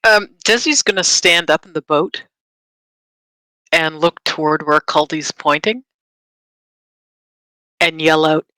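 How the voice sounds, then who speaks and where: A woman's voice: deep voice, slow, long pauses, sharp tone, no room sound, rough recording. A woman playing a tabletop game with friends, playful and giggly. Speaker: player. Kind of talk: casual tabletop play.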